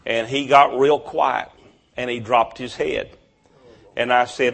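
A middle-aged male preacher telling a story in a sermon, in a hushed, measured way. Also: mid-range voice, steady tone, gravelly.

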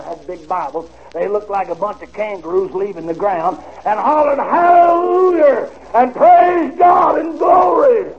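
A man preaching, telling a story in a folksy, animated way on a dull, old recording with faint hiss. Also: fairly high pitch. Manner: folksy, animated storytelling with laughter and drawled asides. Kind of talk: storytelling sermon.

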